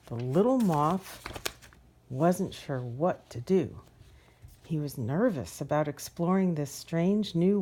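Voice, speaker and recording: A woman reading a children's picture book aloud as a storyteller, gentle and expressive. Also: low voice.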